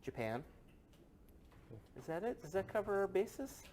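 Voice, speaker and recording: A man's voice: high-pitched, big pitch swings, a little slow, a little mellow. A man joining a casual panel talk as a co-presenter, easygoing with joking asides. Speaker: guest co-presenter.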